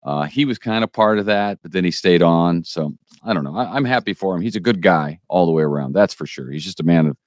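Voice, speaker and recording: Male news podcast co-host, very deep, stop-start delivery, dry booth sound. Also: expressive, no room sound. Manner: halting, restarts often, opinionated asides. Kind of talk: casual news chat.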